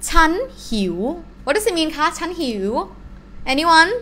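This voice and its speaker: A young adult woman with a Thai accent, teaching a live language lesson in an animated, encouraging way and asking the class questions. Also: very high-pitched, racing, a little hiss or hum.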